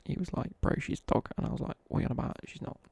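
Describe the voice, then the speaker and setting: A man's voice: very fast, mellow, no room sound. A young man chatting casually as a streamer, telling a rambling story with asides while he plays a game. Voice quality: gravelly, husky. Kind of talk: casual chat while gaming.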